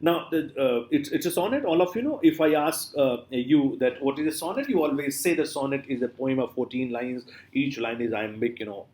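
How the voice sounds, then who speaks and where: A man's voice: fairly high pitch, a little mellow. A man giving a classroom lecture, repeating example words aloud with strong stress and often saying "you know" and "uh". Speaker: literature lecturer.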